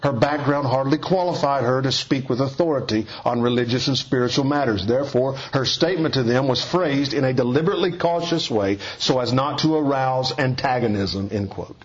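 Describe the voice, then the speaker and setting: A man preaching an expository sermon in a measured, earnest teaching manner, often dropping soft for emphasis. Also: mid-range voice, lo-fi sound.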